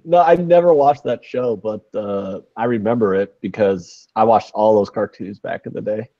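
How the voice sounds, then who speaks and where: A man's voice: lowish voice, moderate pace, mellow, muffled recording. A man co-hosting a casual sports betting podcast, rambling and joking with lots of fillers. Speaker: podcast co-host.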